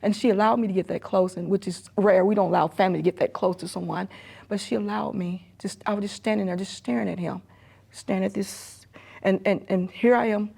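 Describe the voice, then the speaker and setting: A middle-aged woman, an emergency room nurse and mother, giving a halting, repetitive personal testimony that often sinks to a hushed near-whisper. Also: medium pitch, steady tone, creaky, breathy edge. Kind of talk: personal testimony in a documentary interview.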